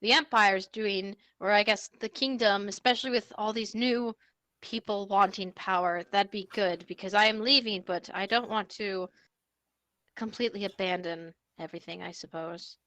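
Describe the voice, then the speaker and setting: A woman's voice: medium pitch, normal speed, fairly bright tone, dry recording. A woman speaking in character as a player in a tabletop game, earnest, formal and a little hesitant. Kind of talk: in-character tabletop role-play.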